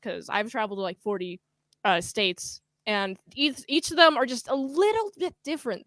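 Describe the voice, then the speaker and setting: A woman's voice: a little high, sharp tone, dry recording. A woman chatting casually on a stream, rambling with lots of fillers. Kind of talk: casual chat.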